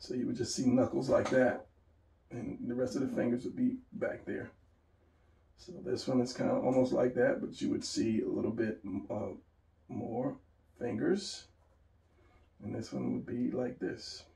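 A gravelly-voiced man with a mellow tone walks through a drawing lesson in a loose, rambling way, talking to himself as he sketches. He sounds a little away from the mic, in an echoey room. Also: medium pitch, little pitch movement, measured pace, distant mic. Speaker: drawing instructor. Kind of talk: casual drawing tutorial.

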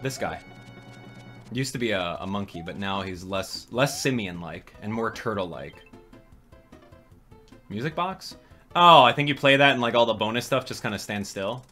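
A young man, a gaming channel host, talks through a game in a lively commentary voice whose pitch leaps up and down as he gets excited. He jokes around and chats back to his viewers, with faint music playing underneath. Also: normal speed, long pauses. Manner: excitable, jokey, reads and answers chat. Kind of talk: live gameplay commentary.

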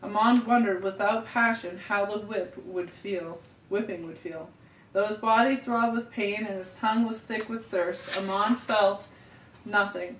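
A woman reading a story aloud to her children at home, steady with small slips and restarts. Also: mid-range voice, measured pace. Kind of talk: family storybook read-aloud. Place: home room. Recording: roomy home room, distant mic, faint hiss.

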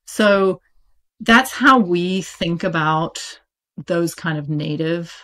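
A woman with a British accent speaks as a guest in an interview. She talks in a loose, chatty way, full of fillers and quick laughs, with a slightly low voice. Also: fairly bright tone. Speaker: audiobook publisher, interview guest. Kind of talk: casual interview talk.

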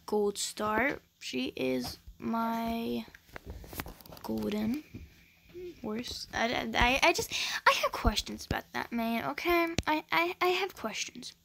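A chatty woman talks casually as she plays a game, rambling along with plenty of fillers. Her voice sits a little high with a gravelly edge. A steady hiss and clicking noise run under the noisy home recording. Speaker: gaming vlogger. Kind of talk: casual chat over gameplay.

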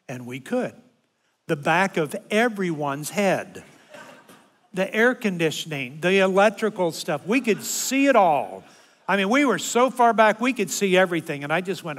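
Animated older man preaching in a reverberant hall. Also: a little high, normal speed. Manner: animated, self-mocking storyteller who grows loud in comic rants. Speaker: guest speaker. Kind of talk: humorous sermon storytelling. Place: church sanctuary. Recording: long reverb of a large hall.

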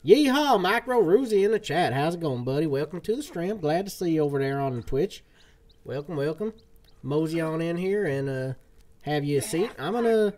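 A man's voice: fairly high pitch, a little mellow, slight background noise. A man casually commenting on a live game stream, joking in a playful, folksy cowboy drawl.

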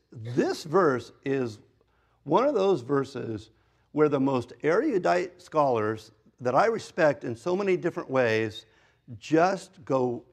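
This is a man of at least fifty preaching expository-style from a church sanctuary. He talks to the room casually, jokes at his own expense, and lets his voice rise and fall sharply, loud and soft, to underline things.

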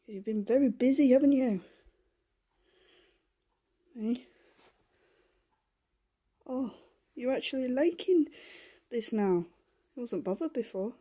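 A woman filming a casual home vlog in her living room, talking softly and in coaxing baby talk to a puppy, often half-whispering, on a handheld camera. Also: a little high, breathy edge. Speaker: vlogger.

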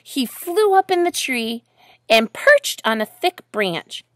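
Woman reading a kids picture book out loud, super lively, asks the kids stuff. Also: a little high, a little slow, no echo, studio quality. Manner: animated, asks the listening children questions. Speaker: storyteller.

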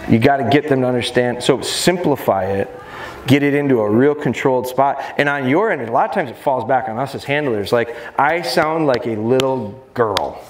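A man in a mid-pitched voice runs a live dog-training seminar with lively, swooping intonation and a joking, demonstrative delivery. He is heard through an echoey expo hall with faint background noise. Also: normal speed. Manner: animated, demonstrative, jokey.

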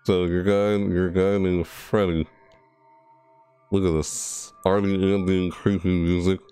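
Gamer, male, deep voice, rambling jittery play-by-play, faint music behind. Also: flat delivery, slow, smooth. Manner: rambling, nervous, thinks out loud. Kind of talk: casual gameplay commentary.

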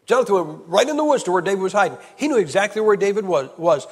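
A male evangelist preaching a sermon in a high, ringing voice, the sound carrying a long reverb from the hall. He keeps asking rhetorical questions and moves from loud, driving declarations to quiet storytelling. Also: animated, fast, slightly rough. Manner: emphatic, rhetorical questions, swings from loud to hushed. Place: large church hall.

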